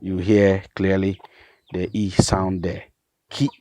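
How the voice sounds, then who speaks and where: A man, a pastor, patiently explaining vowel sounds and repeating each example word slowly. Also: deep voice, darkish tone, husky, dry recording. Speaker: pastor and language teacher.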